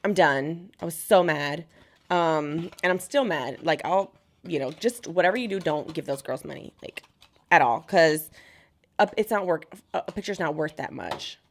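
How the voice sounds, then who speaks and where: A young woman vlogger telling a casual storytime while unboxing makeup, animated and chatty, acting out what others said. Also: low voice, normal speed. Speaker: beauty vlogger.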